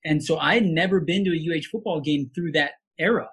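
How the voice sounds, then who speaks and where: Heartfelt man from Hawaii, higher voice. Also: fast talker, fairly bright tone, slightly rough. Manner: heartfelt storytelling with many restarts. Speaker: sportscaster guest. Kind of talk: casual podcast interview.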